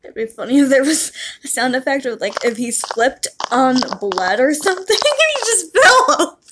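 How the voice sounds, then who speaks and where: Giggly high-voiced woman gamer. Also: sing-song, normal speed, very noisy. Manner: giggly, bursts into helpless laughter; talks to game characters and her cat. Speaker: gaming YouTuber. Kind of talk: casual gameplay commentary.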